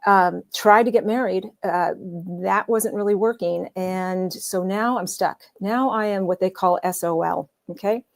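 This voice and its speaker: A woman's voice: medium pitch, measured pace, gravelly, few pauses. Candid woman telling her own story. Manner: candid, animated, conversational with many fillers. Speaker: guest storyteller. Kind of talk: personal storytelling talk.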